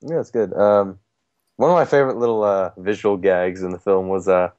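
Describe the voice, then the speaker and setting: Lower-voiced man on a dull dry mic. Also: darkish tone, dry recording. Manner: agreeable, quick laughs, frequent "yeah". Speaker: podcast co-host. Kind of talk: casual movie chat.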